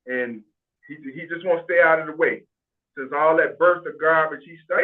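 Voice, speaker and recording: A man's voice: on the high side, moderate pace. A man talking bluntly and swearing freely in a casual group video call. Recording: tinny phone-like video call audio.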